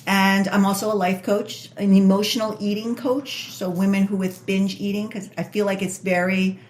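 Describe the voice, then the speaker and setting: A woman in her sixties from Spain talks with raw emotion, her words tumbling out and circling back on themselves. She sits in a roomy, echoing space, and her voice sits at an ordinary middle pitch. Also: little pitch movement, darkish tone. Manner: emotional, rushed, repeats herself. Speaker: guest. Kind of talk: candid interview storytelling. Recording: echoey room.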